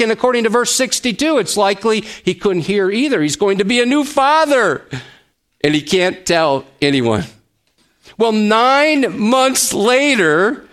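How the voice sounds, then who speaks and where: A man preaching with a notably high-pitched voice. He delivers the sermon slowly and emphatically, leaning on key words and adding gentle humor. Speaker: pastor.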